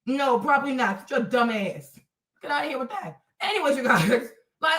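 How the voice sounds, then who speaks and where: High, bright-voiced woman ranting to chat. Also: expressive, moderate pace. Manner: blunt and profane, addresses commenters directly. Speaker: live streamer. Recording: roomy, from a distance.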